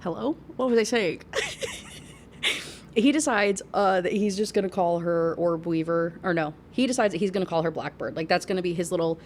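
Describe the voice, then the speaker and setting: A woman's voice: fairly low pitch, fairly quick, few pauses, a little mellow, a little hiss or hum. A woman casually reviewing a book at home, chatty and rambling, with plenty of fillers and laughs.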